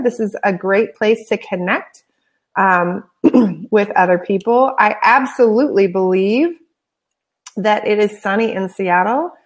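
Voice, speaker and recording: A woman co-hosting a live webinar, upbeat and chatty, with frequent fillers. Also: a little high. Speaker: webinar co-host. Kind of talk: casual webinar chat.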